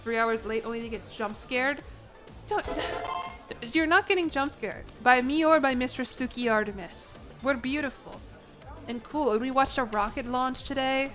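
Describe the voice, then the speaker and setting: A young woman streams a game and talks casually at a normal pace, with soft music behind her on a low-quality recording. Her self-deprecating jokes come with bursts of laughter and leaps in pitch.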